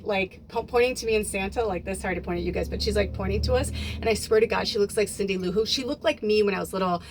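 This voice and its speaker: A woman vlogging into her phone, a spiritual medium telling a long story in casual chat, swearing freely and acting out the dialogue. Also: mid-range voice. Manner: chatty, swears freely, acts out quoted dialogue.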